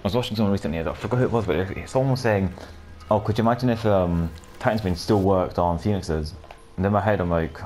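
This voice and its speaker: A man giving casual, rambling commentary over his own gameplay, swearing often and breaking into loud shouts and laughter. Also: deep voice, fast, few pauses, faint music behind. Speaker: gaming video creator.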